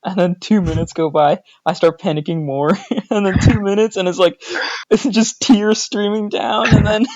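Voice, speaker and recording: A man's voice: high voice, steady tone, moderate pace, a little mellow, no room sound, dull audio. Man, podcast co-host, casual storytelling, laughs a lot, dry close sound. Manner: laughs often while telling stories.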